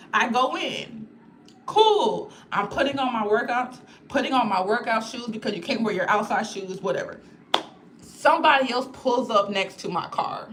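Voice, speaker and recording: A young woman, chatting candidly and animatedly with her viewers. Her pitch swings widely as she tells her stories. Faint noise sits behind her voice. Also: moderate pace. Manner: candid, lively storytelling with frequent "like" and "y'all". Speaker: spiritual content creator. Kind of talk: casual livestream chat.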